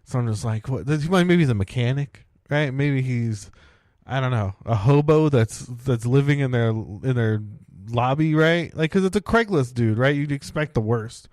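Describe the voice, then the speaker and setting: A man's voice: medium pitch, lively intonation, moderate pace, darkish tone, no echo, clean studio sound. A man, co-hosting a podcast and telling a long casual story packed with fillers. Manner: rambling, many "like" and "right?" fillers. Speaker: podcast co-host.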